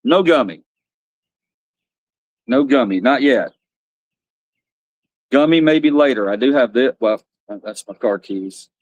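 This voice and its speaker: Male streamer, rambling and frank, mid-pitched voice, dry recording. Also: lively intonation, takes it slowly, long pauses, no echo, lo-fi sound. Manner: rambling, blunt, swears freely. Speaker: livestream host. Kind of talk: casual livestream chat.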